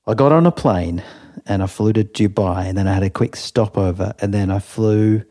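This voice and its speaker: A man's voice: lowish voice, normal speed, warm tone. A man co-hosting a podcast, telling rambling stories in casual chat and laughing often. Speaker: podcast co-host.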